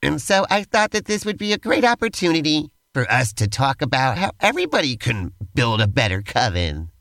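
A man's voice: medium pitch, very animated, brisk, gravelly, a bit bright, no room sound. A man co-hosting a podcast, narrating a playful role-play and bantering with enthusiasm. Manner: enthusiastic, talky, uses "like" a lot. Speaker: podcast co-host.

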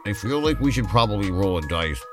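Man, low voice, lively swings, easygoing game master, faint music behind. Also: fairly quick. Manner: easygoing, playful, rambling. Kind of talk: narrating a tabletop-style role-play podcast.

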